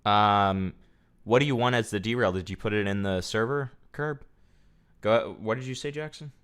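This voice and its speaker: A man's voice: lowish voice, moderate pace, a bit bright, clean tone. A young man streaming casually, telling a profane, ranting story to his chat.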